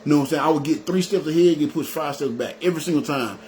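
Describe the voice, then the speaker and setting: Man, emphatic testimony storyteller, fairly high voice, faint background noise. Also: very fast, darkish tone, rough recording. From Memphis. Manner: emphatic storytelling, repeats "you know what I'm saying". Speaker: guest giving a testimony. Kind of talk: personal testimony.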